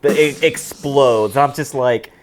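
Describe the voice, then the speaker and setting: A man's voice: mid-range voice, takes it slowly, crowd noise. A man co-hosting a podcast, chatting casually and retelling a film scene by scene. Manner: animated scene-by-scene retelling, acts out lines in voices. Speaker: podcast co-host. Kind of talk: casual movie chat.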